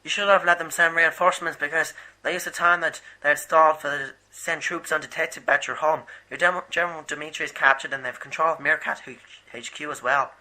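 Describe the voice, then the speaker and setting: A man playing an earnest, rambling rebel leader in a homemade animated movie, with a higher-than-usual voice that sounds very bright and sharp. He tumbles through long explanations and trips over his words. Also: fast talker, few pauses, poor audio. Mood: urgent. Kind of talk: amateur animated movie voice acting.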